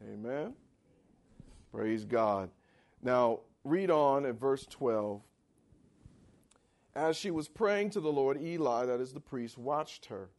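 A man preaching a sermon in a conversational style, asking for amens and swinging between loud and quiet. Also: lively intonation, takes it slowly, long pauses. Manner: dramatic swings in pitch and volume. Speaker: pastor.

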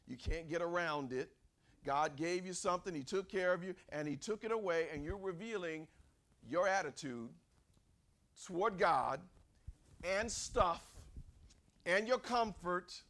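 A man preaching a sermon in a church, acting out angry quotes and shouting at the peaks. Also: high-pitched, expressive, a little slow, pauses often.

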